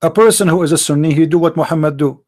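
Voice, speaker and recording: A man's voice: fairly high pitch, quick pace, a little mellow. A man hosting a live debate stream, arguing emphatically with rhetorical questions and non-native grammar. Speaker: live debate show host.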